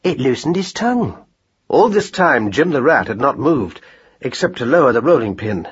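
Husky expressive male storyteller. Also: mid-range voice. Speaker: narrator. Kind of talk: audiobook narration. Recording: dull lo-fi recording.

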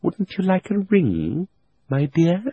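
A man playing a crafty old magician uncle who coaxes and flatters while hiding his greed. He stretches his words slowly, and his pitch climbs and swoops, over a husky audiobook voice. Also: phone-quality sound, heavily acted. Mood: wheedling. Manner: wheedling and sinister, drawn-out words. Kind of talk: audiobook reading.

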